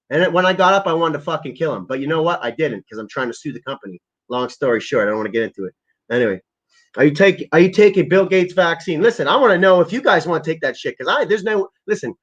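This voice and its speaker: A man's voice: fairly high pitch, a bit bright, lo-fi sound. A man ranting live on a stream, swearing heavily in an aggressive, rambling way. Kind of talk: profane livestream rant.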